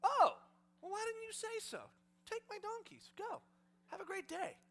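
A man voicing a cheerful, eager male donkey owner who gushes in a high voice. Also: big pitch swings, moderate pace, a bit bright, exaggerated voice. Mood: gushing. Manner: high, gushing, overly agreeable.

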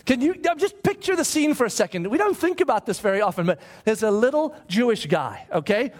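A male pastor preaching a sermon, telling the story with animated asides and acted-out voices. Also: extremely high pitch, a little fast, hardly any pauses.

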